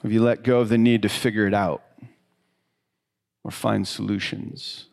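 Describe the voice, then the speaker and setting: A man's voice: lowish voice, flat delivery, vocal fry. Middle-aged man preaching conversationally. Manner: conversational, self-deprecating storytelling with soft, trailing pauses. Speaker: pastor. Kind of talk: sermon.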